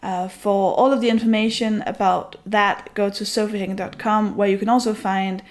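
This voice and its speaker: A woman comedian giving a casual, relaxed spoken message, pausing with fillers. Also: mid-range voice. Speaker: podcast co-host and comedian. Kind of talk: casual announcement.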